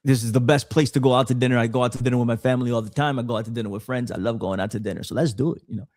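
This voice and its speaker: A man's voice: medium pitch, steady tone, racing, a little mellow, no room sound, clean studio sound. A man from the Bronx with a New York accent, chatting casually and animatedly on a podcast, swearing freely and often repeating words. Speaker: podcast guest. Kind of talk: casual chat.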